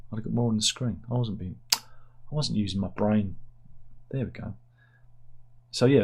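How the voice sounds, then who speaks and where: A man's voice: lowish voice, gravelly, darkish tone, breathy edge. A man hosting a casual satirical news chat, rambling and interrupting himself with asides. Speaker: host reading news stories.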